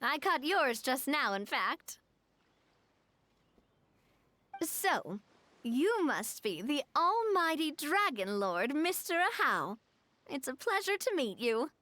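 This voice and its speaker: A gracious young woman leader in a video game, polite and patient as she explains. Her fairly high voice moves lightly up and down. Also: very animated, takes it slowly, bright, forceful tone, exaggerated voice. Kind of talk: video game cutscene dialogue.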